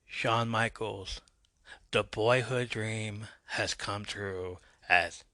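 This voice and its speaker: Podcast guy walking thru a match play by play, slow and kinda bright, dry close sound. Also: on the low side, fairly even intonation, dry recording. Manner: slow storytelling with fillers and self-corrections. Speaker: podcast host. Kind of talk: play-by-play recap.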